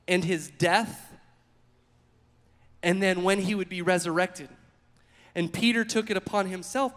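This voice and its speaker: A man preaching a sermon, telling the story with animated, acted-out quotes. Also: sits high, big-room sound. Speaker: pastor.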